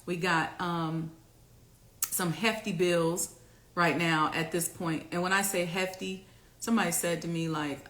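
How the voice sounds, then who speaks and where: Preachy woman host in an echoey room. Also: on the low side. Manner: preachy, exhorting, builds to loud rallying repetition. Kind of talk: casual motivational talk to camera. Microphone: camera.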